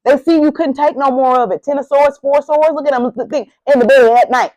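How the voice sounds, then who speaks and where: A woman's voice: high-pitched, a little fast, dark tone, poor audio. A woman doing a casual tarot reading to camera, sassy and profane, talking straight to the viewer with lots of animation. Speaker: tarot reader. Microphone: camera mic, speaking to camera.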